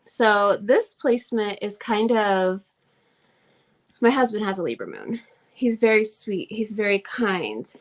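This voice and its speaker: Hosting a relaxed astrology class over livestream, this Oklahoma woman speaks at a medium pitch. She chats freely, is quick to laugh, and performs small quoted voices.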